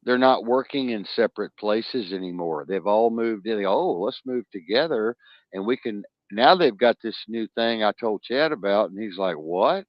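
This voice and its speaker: Male podcast co-host, low-pitched, preachy and emphatic, dull dry recording. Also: animated, moderate pace, no echo. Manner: emphatic, preachy, repeats phrases for effect. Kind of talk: casual podcast talk.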